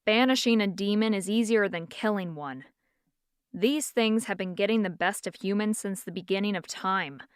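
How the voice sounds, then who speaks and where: A woman narrator voicing a condescending, stern young man who hunts demons, speaking low and curt in an audiobook. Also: moderate pace, clean tone, dry recording, clean studio sound, close to an everyday voice. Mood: scornful. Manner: curt, scornful.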